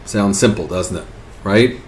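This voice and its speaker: A male teacher with a fairly low voice gives an unhurried spoken lesson in an echoey room, with a little hiss or hum on the recording. He speaks rhetorically, often asking his listeners "right?"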